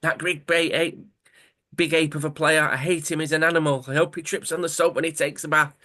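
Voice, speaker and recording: Guy doing a footballer losing it, yelling, pitch up a bit. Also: flat delivery, fairly quick. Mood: furious. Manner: shouting, raised voice. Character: angry grown male footballer venting temper.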